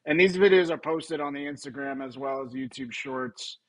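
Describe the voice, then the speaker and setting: A man's voice: medium pitch, normal speed, fairly bright tone, rough recording. A man hosting a live stream, casual and thinking aloud, who swears and laughs easily.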